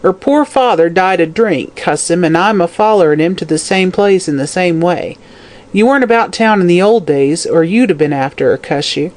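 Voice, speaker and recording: A narrator voicing a dying, drunken old slum woman who croaks, snarls and curses. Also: medium pitch, lively intonation, moderate pace, darkish tone, natural voice. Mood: bitter. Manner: snarling, cursing, whining. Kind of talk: audiobook character voice.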